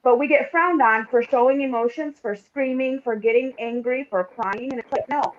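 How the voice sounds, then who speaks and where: A woman's voice: sits high, moderate pace, slight background noise. Emphatic woman on a dull lo-fi mic. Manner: animated, emphatic, swears freely. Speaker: podcast co-host. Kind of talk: casual chat. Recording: dull lo-fi sound.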